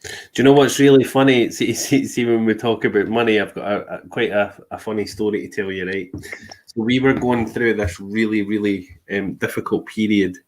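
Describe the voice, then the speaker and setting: A man with a low-pitched voice tells a story in a relaxed, chatty way. He laughs easily and slips into the voices of the people he quotes. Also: moderate pace. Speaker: podcast host and medium. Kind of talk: casual storytelling chat.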